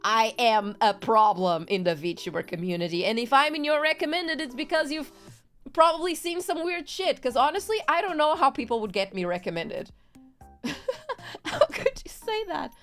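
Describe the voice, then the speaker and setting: A woman's voice: on the high side, lively intonation, normal speed, fairly bright tone, soft background music. A woman streamer chatting casually on a live stream, rambling in a giggly, playful way. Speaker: VTuber streamer.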